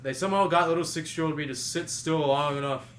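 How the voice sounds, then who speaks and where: Young male podcast host, slightly high voice, rambling casual storytelling, faint hiss behind. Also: fast, a bit bright. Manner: rambling, many fillers and restarts. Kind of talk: casual storytelling among friends.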